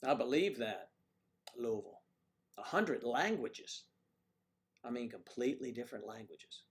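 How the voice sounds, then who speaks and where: A man's voice: mid-range voice, animated, a little slow. A man hosting a casual livestream who rambles in a folksy way and answers viewer comments. He is from the Mid-Atlantic United States and speaks with no marked accent. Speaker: livestream host.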